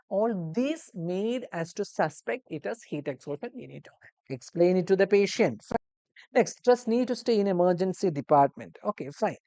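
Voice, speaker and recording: Woman tutor, lower voice, dry mic, rambling explanatory delivery for students. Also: dark tone, no room sound. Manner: explanatory, with many fillers and restarts. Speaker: language teacher. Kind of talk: live online exam-prep lesson.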